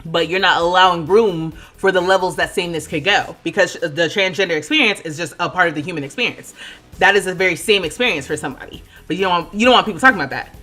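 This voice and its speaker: A woman in her thirties chatting casually on a livestream while she plays, laughing often and thinking out loud. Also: fairly low pitch, quick pace, soft background music. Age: 30s. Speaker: streamer.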